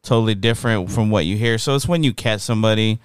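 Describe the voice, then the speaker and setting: Podcast co-host, male, low and smooth, reflective, dry close sound. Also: fast talker, no room sound. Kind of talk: casual chat.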